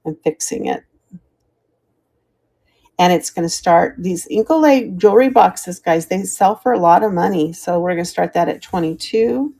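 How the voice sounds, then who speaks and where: A middle-aged woman selling vintage items on a live stream chats warmly and thanks viewers by name. Her voice is on the low side with vocal fry and a warm tone, delivered at a normal speed.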